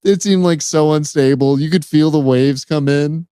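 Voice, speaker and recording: Crude joking comedian. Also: male voice, a little high, moderate pace, mellow, smooth, no echo. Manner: crude joking with put-on voices. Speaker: comedian podcast co-host. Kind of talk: casual comedic banter.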